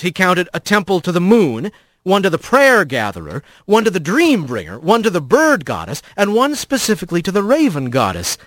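A man narrating a storybook with an expressive, animated reading. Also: high voice, no room sound. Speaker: audiobook narrator.

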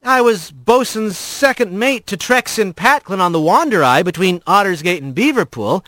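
A man's voice: high voice, lively intonation, normal speed, sharp tone, no room sound. A man voicing a terse young rat sailor. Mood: plain. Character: young male rat sailor, reserved and weary.

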